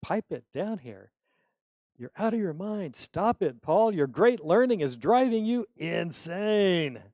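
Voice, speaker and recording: A man voicing an exasperated Roman governor who shouts in disbelief and scorn. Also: mid-range voice, a little slow, dry recording, close to an everyday voice. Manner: loud, incredulous outbursts.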